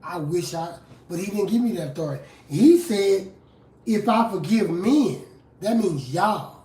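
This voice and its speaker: A street preacher and rap artist giving a fiery, confrontational live sermon, moving from low scripture reading to loud outbursts. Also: expressive, measured pace. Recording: roomy echo from a distant mic.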